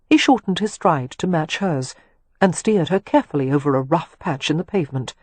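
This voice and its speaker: Breathy woman narrating a novel. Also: low voice, dry recording. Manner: measured, even storytelling. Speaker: audiobook narrator. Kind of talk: scripted narration.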